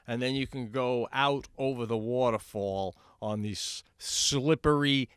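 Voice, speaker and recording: A man co-hosting a podcast, telling a comedic story in casual chat. He talks animatedly, swears freely and jumps into high, excited outbursts. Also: smooth, no room sound, studio quality. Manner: swears freely, says "bro". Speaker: podcast co-host.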